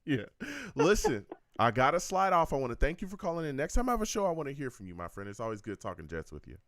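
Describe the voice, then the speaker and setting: A man's voice: medium pitch, very animated, fast talker, fairly bright tone, no echo, studio quality. A man hosting a call-in sports show, talking in a hyped, slangy, casual way.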